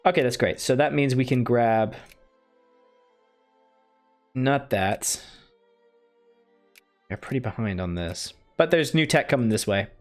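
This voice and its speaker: A man's voice: mid-range voice, a little slow, pauses often, faint music behind. A man giving casual commentary while playing a strategy game, thinking aloud and scolding himself. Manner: muttering, self-deprecating, thinking aloud. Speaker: strategy game let's player.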